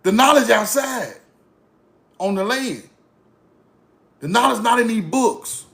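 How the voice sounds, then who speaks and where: Gravelly high-voiced man ranting. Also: expressive, slow, fairly bright tone. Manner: blunt, profane, mocking, repetitive. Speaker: online commentator. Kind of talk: casual rant to camera.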